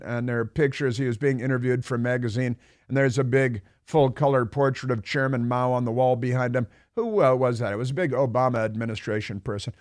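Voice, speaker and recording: A man's voice: medium pitch, dry recording, studio quality. A man hosting a political talk radio show, delivering a sarcastic, rambling monologue full of fillers and restarts.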